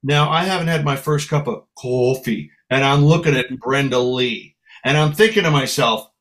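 A man from San Francisco, a guest musician telling lively anecdotes in a casual interview. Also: medium pitch, normal speed. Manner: lively storyteller, acts out voices.

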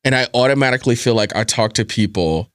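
A man's voice: medium pitch, fast talker, clean tone, no echo, clean studio sound. A man from New Jersey with a slight East Coast accent, talking easily and conversationally as an interview guest. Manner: conversational, easygoing. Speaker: radio host, guest. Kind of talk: casual interview chat.

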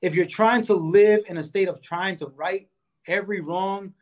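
A man's voice: high-pitched, steady tone, normal speed. A man co-hosting a casual talk about anger who talks earnestly and keeps checking in with "right?" and "you know". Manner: enjoys exercise, speaks of fitness. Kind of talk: casual conversational advice.

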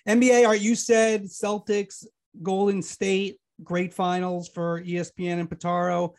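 A man co-hosting a sports media podcast, his fairly high voice carrying a gravelly fry. He talks fast and argues in a teasing way. He sounds casual and chatty throughout. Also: flat delivery. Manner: quick, teasing, argumentative.

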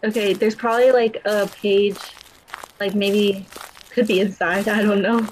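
A young woman calmly chatting and giving hints while a friend plays a horror game. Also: mid-range voice, measured pace, a little hiss or hum, rough recording. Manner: calm, teasing, gives hints. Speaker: gamer watching a friend play. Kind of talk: casual gaming chat.

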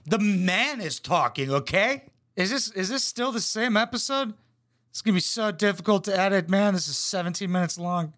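A man's voice: high voice, expressive, normal speed, fairly bright tone. A young man giving a crude, sarcastic comedic reaction commentary on a reality show clip, swearing a lot.

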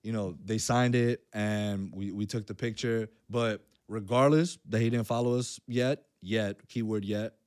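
A man co-hosting a podcast in casual chat, talking fast and loose with lots of slang and fillers. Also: on the low side, steady tone, darkish tone. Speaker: podcast co-host.

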